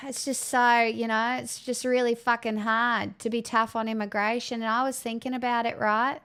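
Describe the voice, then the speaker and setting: A woman putting on a heavy, nasal, broad Australian accent to play a brash, crude, swearing loudmouth who rambles on. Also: a little high, little pitch movement, moderate pace, clear, resonant tone. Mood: blustering.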